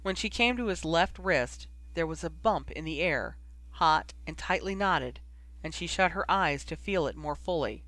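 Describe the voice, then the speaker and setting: A man reading a story aloud in a steady, even narration. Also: on the high side, normal speed, no room sound. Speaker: reader. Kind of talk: audiobook narration of fan fiction.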